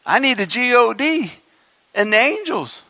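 A man delivers a sermon in a high, gravelly voice with a bright, forceful edge. He preaches with emphasis and slips in joking asides. The recording sounds a bit dull and lo-fi. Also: very animated, measured pace, dry recording. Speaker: pastor.

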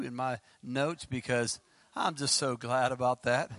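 Animated preacher man, bright dry voice. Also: a little slow, vocal fry, no room sound. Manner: animated, laughing, acts out quotes with pitch leaps. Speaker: pastor. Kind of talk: sermon.

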